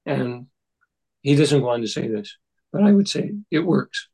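An older man leading a text study group, speaking in a halting, thoughtful way with many restarts. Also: mid-range voice, lively intonation, a little mellow, slightly rough, rough recording. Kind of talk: discussion of a Buddhist text.

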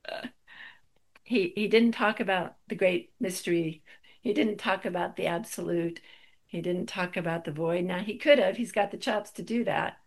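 A woman's voice: fairly low pitch, normal speed. A middle-aged woman giving a spiritual talk, telling a personal story with wry, self-deprecating humor.

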